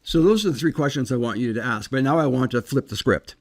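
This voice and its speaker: A man hosting a self-help podcast, speaking in an earnest, measured way and putting reflective questions to the listener. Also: medium pitch. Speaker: podcast host, psychologist.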